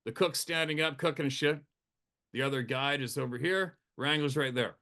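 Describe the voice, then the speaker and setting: A man's voice: fairly high pitch, normal speed. A man working as a hunting guide tells a rowdy camp story in casual conversation, swearing freely and laughing often. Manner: profane, animated, laughing often.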